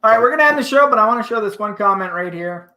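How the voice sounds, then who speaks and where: A man's voice: high voice, very fast. A man hosting a casual podcast, telling a profane story and acting out the lines of the people in it. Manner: animated, profane storytelling with acted-out quotes. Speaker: podcast host. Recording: echoey room.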